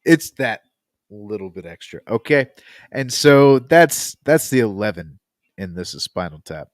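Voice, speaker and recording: Male podcast co-host, lively jokey banter, dry close sound. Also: lowish voice, measured pace, no room sound. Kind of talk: casual chat.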